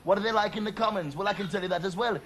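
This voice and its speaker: A man doing a brash, cheeky comic monologue as if on the phone, boastful and quick with jokes, with music behind. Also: high-pitched, a bit bright, a little hiss or hum. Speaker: comedy presenter doing a prank phone call sketch.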